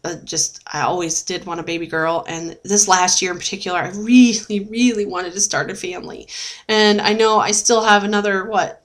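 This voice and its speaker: A woman's voice: mid-range voice, fairly even intonation, moderate pace. A young adult woman talking in a casual video diary, chatty and rambling with lots of fillers, often laughing and getting emotional. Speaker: vlogger sharing a weight-loss journey.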